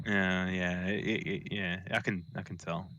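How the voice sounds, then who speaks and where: A man's voice: low-pitched, little pitch movement, measured pace, bright, forceful tone, dry recording, muffled recording. A man from the UK co-hosting a casual podcast livestream, rambling and self-mocking with some swearing. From United Kingdom. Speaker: podcast co-host.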